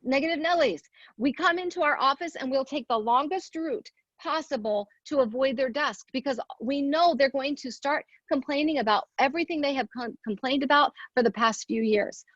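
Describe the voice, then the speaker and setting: A woman's voice: sits high, normal speed, no room sound, dull audio. A woman giving an earnest motivational talk, asking rhetorical questions and counting off her points. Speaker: speaker at a women's leadership event.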